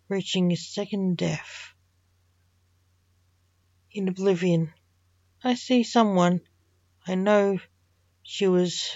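A woman author reads her dark, poetic story aloud, slow and measured. Her voice sits fairly low. The recording is dry and dull, with little room sound. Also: no echo.

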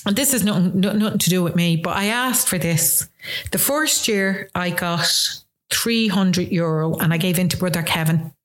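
A woman's voice: lowish voice, normal speed. An Irish woman of about sixty telling stories in casual conversation, with a chatty anecdotal manner and frequent restarts. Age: around 60. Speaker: guest.

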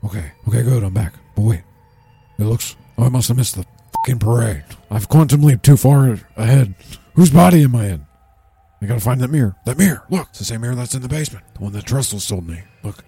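A man playing a bumbling, self-important townsman under hypnosis, who talks in a rambling, excitable, panicky way. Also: medium pitch, fast talker, husky, soft background music.

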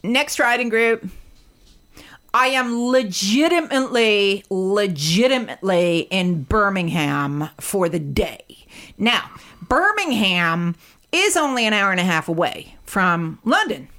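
A woman's voice: medium pitch, very animated, slow, a bit bright. A woman in casual chat who rambles, stammers and swears often. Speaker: podcast co-host.

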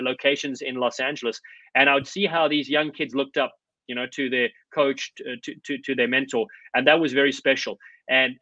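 Fast-talking bright-voiced South African man. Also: mid-range voice, no echo. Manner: earnest, storytelling, many fillers. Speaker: rugby coach and guest. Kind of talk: conversational interview answer. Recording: slightly dull lo-fi sound.

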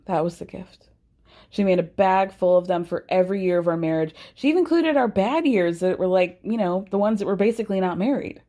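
A woman quoting a sentimental middle-aged husband who reminisces softly about a gift from his wife. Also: mid-range voice, expressive, fairly quick, natural voice. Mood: wistful.

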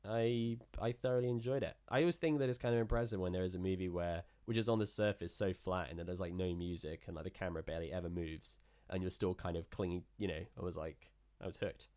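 A man with a very deep voice chats casually as a podcast co-host. He rambles in animated bursts, stacking fillers as he goes. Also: fast, hardly any pauses. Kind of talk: casual chat.

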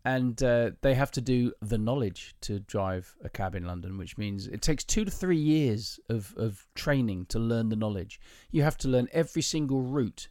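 A man's voice: mid-range voice, expressive, normal speed, hardly any pauses, darkish tone, no echo, clean studio sound. A man co-hosting a podcast in casual chat, eagerly sharing trivia and laughing as he goes. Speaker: podcast co-host.

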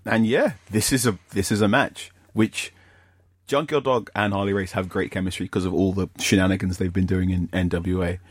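A man's voice: sits low, fairly even intonation, normal speed, breathy edge, dry recording, clean studio sound. A man co-hosting a podcast, telling stories in casual chat and laughing easily. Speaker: podcast co-host. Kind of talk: casual wrestling review chat.

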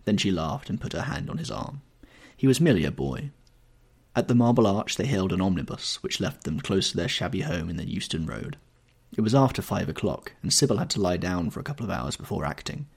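Gravelly low-voiced male storyteller. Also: big pitch swings, brisk. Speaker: audiobook narrator. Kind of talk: classic novel narration.

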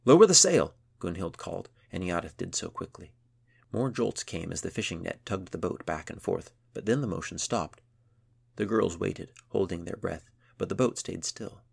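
A man narrating a children's adventure story in a measured storytelling manner. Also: low voice, creaky, breathy edge. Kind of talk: scripted narration.

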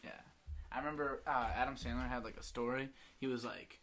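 A man's voice: medium pitch, steady tone, fairly quick, a bit bright, a little hiss or hum. A young man hosting a podcast, chatting casually and rambling through stories while acting out his friends' lines. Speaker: podcast host. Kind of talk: casual chat.

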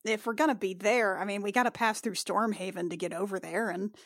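A woman's voice: mid-range voice, steady tone, a little fast, fairly bright tone, no echo, studio quality. A woman playing a character in a tabletop game, chatty and filler-heavy. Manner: chatty, lots of "like" and "I mean". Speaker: player. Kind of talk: casual tabletop play.

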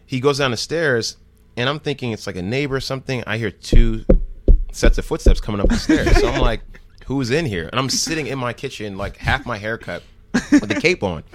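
A man's voice: mid-range voice, fairly quick, background noise. A man from New Jersey, a podcast guest, telling casual stories and acting out the quoted lines of the people in them. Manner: animated, acts out quoted dialogue. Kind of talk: casual storytelling chat.

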